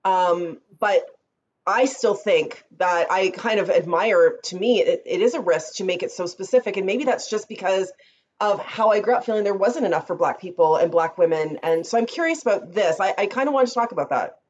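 A woman's voice: medium pitch, lively intonation, normal speed, a little mellow. A woman hosting an interview, reflecting and affirming her guest, thinking aloud as she frames questions. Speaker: podcast host. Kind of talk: conversational interview. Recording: dull lo-fi sound with faint background noise.

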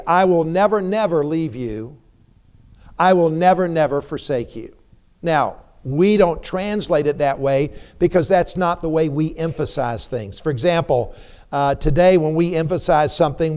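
Emphatic preacher with a high, smooth voice. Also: male voice, darkish tone. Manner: emphatic, repeats words for emphasis, asks the congregation questions. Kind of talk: sermon.

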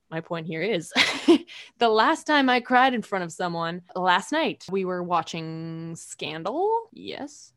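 A woman in casual chat, animated and rambling, with lots of fillers and frequent laughter. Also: lowish voice.

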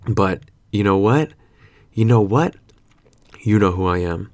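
A young man in his twenties rambling through a casual vlog, loose and slangy with plenty of swearing and fillers. His voice sits low with a gravelly edge. The sound is close and dry, with no room around it. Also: lively intonation, unhurried, darkish tone, no echo. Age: 20s. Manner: laid-back, slangy and profane, rambling with fillers. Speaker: vlogger.

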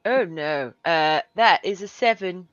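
A woman's voice: lowish voice, takes it slowly, fairly bright tone, no echo, lo-fi sound. A woman playing a tabletop game in casual, playful talk. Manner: playful, bargaining. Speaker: player.

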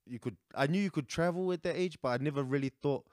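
Young kiwi comedian guest, chill, short answers, dry close mic. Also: male voice, a little high, fast, a little mellow, no room sound. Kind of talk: casual interview chat.

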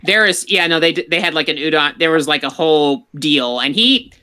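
A bright, clear voice belonging to a podcast co-host who rambles through opinionated pop-culture chat. The talk loops through a lot of fillers and restarts. Its pitch sits in the middle range. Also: lively intonation, brisk.

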